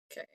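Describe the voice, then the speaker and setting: Woman, casual stream chat, giggly, talks to herself, unhurried pace, phone audio. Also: darkish tone. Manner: giggly, self-talking, trails off mid-sentence. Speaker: streamer making bead earrings. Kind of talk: casual live-stream chat while crafting. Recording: cellphone live-stream audio.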